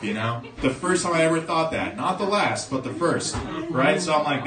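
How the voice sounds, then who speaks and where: A young man from South Florida doing a profane stand-up set, telling a story and suddenly shouting the voices of the people in it. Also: fairly high pitch, animated, brisk. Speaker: stand-up comedian. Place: comedy club stage. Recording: roomy club sound from a distance, crowd audible.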